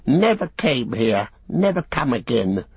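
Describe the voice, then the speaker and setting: A man's voice: mid-range voice, very animated, measured pace, creaky, breathy edge, no echo, voice pushed up, full character voice. A man voicing a wretched, cringing male creature in an audiobook, whimpering and fawning with self-pity. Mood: whining. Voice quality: whimpering, hissing, self-pitying. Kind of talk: audiobook character voice. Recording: dull, dry studio recording.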